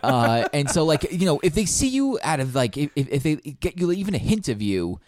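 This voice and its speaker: A man's voice: fairly high pitch, very animated, fairly quick, a little mellow, no echo, studio quality. A young man co-hosting a podcast, chatting casually and rambling with lots of ums and restarts. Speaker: podcast co-host. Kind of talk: casual chat about video games.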